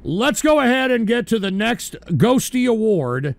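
A man hosts an online awards segment, swearing and ranting. His voice is high and gravelly, and it swings widely in pitch. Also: measured pace. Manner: profane, shouty, animated. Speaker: online show host.

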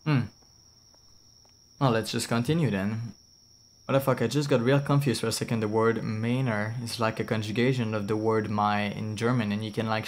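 Low-voiced man with a French accent. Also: slight background noise. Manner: rambling, chatty, swears, reads chat aloud. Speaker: streamer. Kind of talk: casual gameplay commentary.

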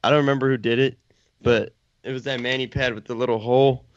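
Fast-talking man in a slangy podcast chat. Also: medium pitch, dull audio. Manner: eager, slangy, excited about tricks. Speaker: podcast co-host. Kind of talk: casual chat.

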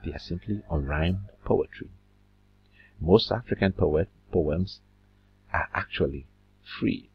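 A man teaching a literature lesson, slow and deliberate, drawing out words as he counts syllables, with a husky voice. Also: sits low. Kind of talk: recorded classroom lesson. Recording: dull lo-fi recording.

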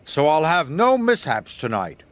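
A man voicing a stern, booming railway boss giving orders in a storybook reading. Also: huge pitch swings, a little slow.

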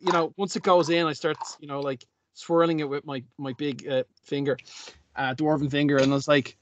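A man excitedly describing his dwarf's actions in a tabletop game, stumbling over words. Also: fairly high pitch, fairly quick, highs cut off, a little hiss or hum. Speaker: player. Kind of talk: tabletop role-play.

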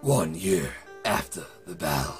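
A man putting on a deep, solemn game narrator. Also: very animated, a little slow, faint music behind. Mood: ominous. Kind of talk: dramatic mock narration.

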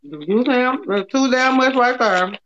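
A woman talks on a livestream in a blunt, profane, taunting way. Her voice sits a bit high. The audio is dull and lo-fi. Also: lively intonation, slow, a bit bright, slight background noise. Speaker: livestream host. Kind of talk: heated casual livestream talk.

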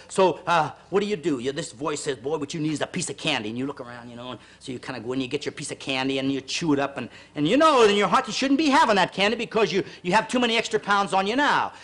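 The host of a televised fitness class speaks in a high voice with a fairly bright tone. He tallies reps, pushes the audience to keep going, and pauses for sincere, sermon-like heart-to-hearts.

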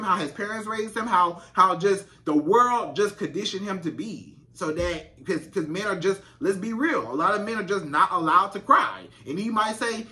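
A man's voice: sits high, sharp tone. A man giving relationship advice to women in a casual monologue, stammering, restarting and repeating himself. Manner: repetitive, stammering restarts, acts out quoted voices.

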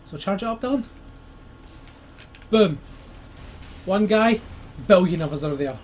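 A man with a Scottish accent giving excitable, sweary commentary while playing a video game with his brother. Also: high-pitched, measured pace, slight background noise. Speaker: let's play co-host. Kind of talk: casual gaming commentary.

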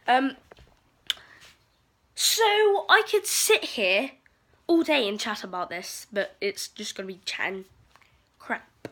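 A woman's voice: on the high side, big pitch swings, unhurried, a bit bright. Sweary teenage girl ranting. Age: teens. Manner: rambling, sweary, exasperated. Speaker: vlogger. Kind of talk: casual ranting vlog.

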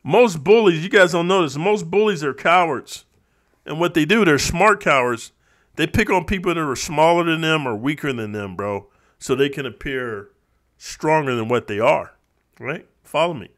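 Streetwise man, preachy vlog rant, slang-heavy, a bit higher voice. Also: expressive, normal speed, fairly bright tone. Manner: streetwise, preachy, keeps calling the listener bro. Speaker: vlogger. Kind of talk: casual vlog monologue.

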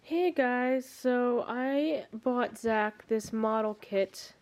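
A woman's voice: on the high side, extremely slow, darkish tone. A young woman in her twenties, out of breath, chatting casually to her camera at home, rambling with many restarts. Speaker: vlogger. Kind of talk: casual vlog chat. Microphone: handheld camera mic.

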